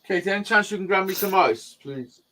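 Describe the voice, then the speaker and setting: A man's voice: sits high, expressive, a little fast, sharp tone. A man on a group video call bantering casually, joking crudely and swearing freely.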